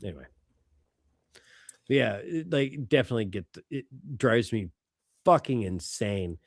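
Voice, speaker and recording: A middle-aged man co-hosting a podcast in casual chat, animated and quick to swear and laugh. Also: on the low side, no room sound, studio quality. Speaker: podcast co-host.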